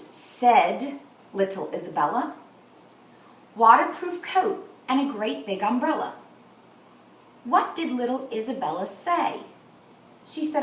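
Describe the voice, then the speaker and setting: Woman, kindergarten teacher, slow deliberate modeling, bright higher voice, echoey room, far from the mic. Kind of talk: teaching a class.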